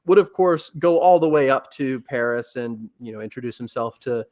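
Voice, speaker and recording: A man talks as a podcast guest, lecturing eagerly about history and a favorite novel. His voice sits at an ordinary middle pitch. He keeps backing up and restarting his sentences, padding them with loose filler words as he goes. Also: animated, normal speed, a little mellow. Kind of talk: casual chat.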